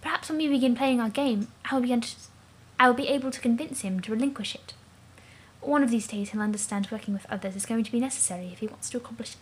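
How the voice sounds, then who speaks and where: A woman voicing a gentle, shy female alien cherub girl in a soft, hushed, near-whispered voice with formal, polite wording. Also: fairly high pitch, husky. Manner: polite, formal, a bit rambling.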